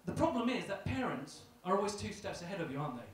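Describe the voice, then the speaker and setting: A man's voice: high-pitched, sing-song, quick pace, a little hiss or hum. A young man doing a self-deprecating, hesitant stand-up routine in a small comedy club, full of ums. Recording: echoey club, distant mic, crowd.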